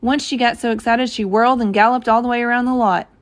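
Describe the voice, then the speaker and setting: A woman reading a novel aloud, telling the story gently and giving the characters light voices of their own. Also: fairly high pitch, steady tone, fast. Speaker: reader.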